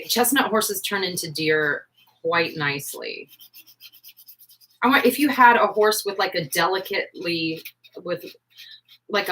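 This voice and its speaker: Chatty woman in her forties, bright tone. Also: fairly low pitch, low-quality recording. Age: 40s. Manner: rambling, full of "like" and "um". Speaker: livestream host. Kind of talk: casual live chat.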